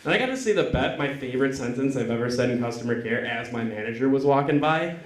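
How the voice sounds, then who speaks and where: A man performing a stand-up comedy set on a club stage, cursing and acting out callers in quick voices. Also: medium pitch, animated. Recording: echoey club with crowd. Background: audience laughing.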